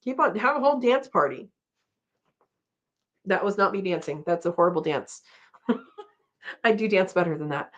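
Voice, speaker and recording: A woman's voice: medium pitch, animated, normal speed, long pauses. A middle-aged woman hosting a casual live-stream chat, rambling and laughing often as she reads out comments. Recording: dull lo-fi stream audio.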